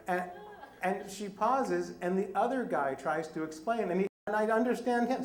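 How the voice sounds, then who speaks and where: Middle-aged guy telling a story live, kinda high voice, echoey room, pokes fun at himself. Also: measured pace. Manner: self-deprecating and animated. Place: story slam stage, live event.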